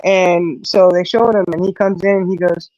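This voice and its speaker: Speaking at a moderate pace in a lowish voice, a middle-aged woman hosts a casual live stream and animatedly tells a story, doing the voices of its characters and saying "you know" a lot. The audio is dull and has no room sound.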